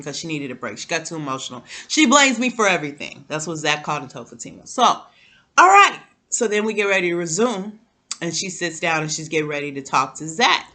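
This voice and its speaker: Animated woman with a bright voice. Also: deep voice, a little fast. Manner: animated, talks straight to viewers, repeats words. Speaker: TV recap vlogger. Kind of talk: casual chatty TV recap.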